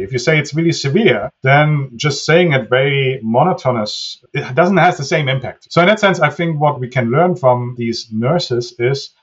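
A man's voice: medium pitch, slightly rough, muffled recording. A man speaking as a guest author in an interview, explaining his points earnestly, with occasional grammar slips. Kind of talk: conversational interview answer.

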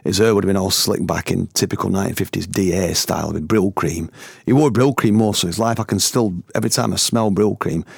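A man's voice: low-pitched, brisk, creaky, darkish tone, slightly rough, no echo, studio quality. A middle-aged man from the north of England, telling a personal anecdote in colloquial, chatty language and laughing as he goes. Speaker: storyteller and former band member. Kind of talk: anecdotal storytelling.

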